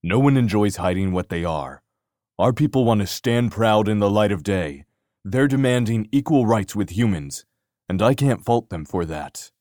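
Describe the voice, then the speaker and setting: A man's voice: lowish voice, animated, moderate pace, a little mellow, dry recording, studio quality, natural voice. A man voicing a weary, earnest male wolf-shifter leader in an audiobook.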